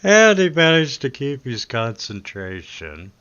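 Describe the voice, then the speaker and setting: A man running a tabletop game as game master, halting and filling pauses with "uh". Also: mid-range voice, very animated, sharp tone, clear, resonant tone. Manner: halting, with many filler sounds. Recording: dull lo-fi recording.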